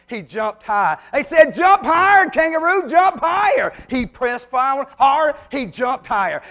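A man's voice: high voice, a bit bright. A man preaching a sermon, folksy and heartfelt as he tells stories. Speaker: pastor. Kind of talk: sermon with humorous story.

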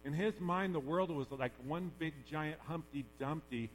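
A man's voice: fairly high pitch, moderate pace, faint music behind. A man preaching a sermon as the pastor, talking conversationally with humorous asides. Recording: long hall reverb, faint mains hum.

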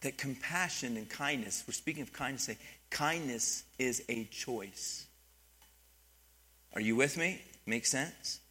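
A middle-aged man, a pastor, preaching a sermon in an animated way, dropping quiet and then building up, often asking the congregation questions. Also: medium pitch, unhurried, slightly rough.

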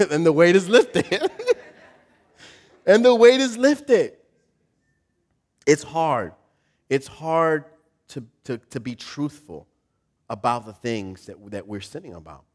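A man preaching a sermon in a chatty, joking way, his voice sitting a little high and swinging widely in pitch. He drops to quiet, intimate lines and then climbs back up for emphasis. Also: lively intonation, slow, long pauses. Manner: conversational and humorous, with dramatic swings between loud and soft. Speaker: pastor.

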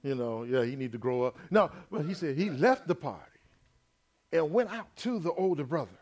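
A man preaches with a high, lively voice that swoops up and down. He retells a parable in folksy everyday speech, slipping into the lines of its characters. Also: moderate pace. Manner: animated preaching, acts out the brothers and father in plain voices, folksy grammar. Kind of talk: sermon.

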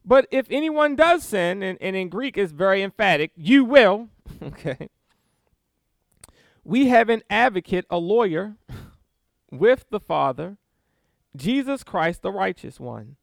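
Animated high-voiced male preacher. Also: a little slow, creaky, long pauses, dry recording, studio quality. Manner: animated, reads scripture aloud with emphatic stresses and small laughs. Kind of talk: sermon.

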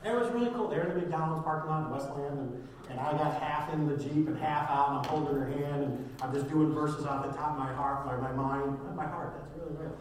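A man's voice: fairly high pitch, fairly quick. A middle-aged male pastor preaching a sermon in a church, telling rambling folksy stories with many asides. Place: church sanctuary. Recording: echoey hall picked up from a distance, with background noise.

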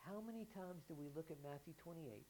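A woman with a deep, low voice preaching a sermon. She keeps asking her listeners questions and climbs to loud, emphatic peaks before dropping back to an easy, talking tone. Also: quick pace, slight background noise, low-quality recording.

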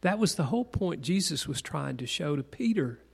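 A man's voice: a little high, big pitch swings, moderate pace, vocal fry, slightly rough. A man teaching a Bible class in a conversational sermon style, asking the group questions and repeating key points for stress. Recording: long hall reverb.

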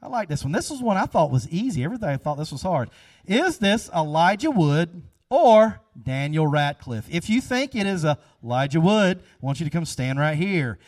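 Man, high voice, upbeat casual preacher, dry sound, heard from a distance. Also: no room sound. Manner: upbeat, chatty, repeats himself. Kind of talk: casual sermon with an audience game.

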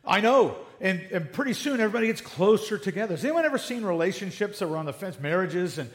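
A man's voice: sits high, very animated, fast talker, few pauses. A middle-aged man preaching a sermon in a conversational way, acting out little everyday dialogues. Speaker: pastor.

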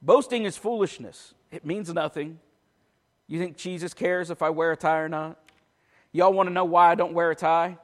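Male pastor with a high voice, delivering a sermon with humor and rising force; reverberant church sound. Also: steady tone, moderate pace. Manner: joking asides that build to forceful preaching.

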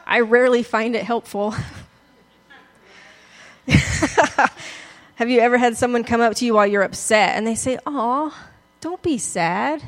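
A woman's voice: on the high side, flat delivery, normal speed, pauses often. A woman pastor giving a conversational, self-deprecating sermon, often laughing as she talks.

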